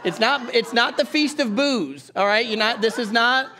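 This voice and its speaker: A middle-aged man with a Southern country accent preaches in a fairly high voice. His delivery is folksy and conversational, with frequent calls for the congregation to follow along in their Bibles. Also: normal speed, pushed and bright. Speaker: pastor. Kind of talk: sermon.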